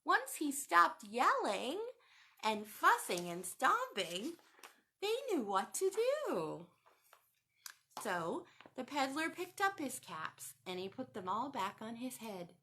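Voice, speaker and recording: A woman reading a picture book aloud to children, animated and sing-song, stopping to ask them questions. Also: on the high side, takes it slowly, slight background noise. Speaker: children's storytime reader.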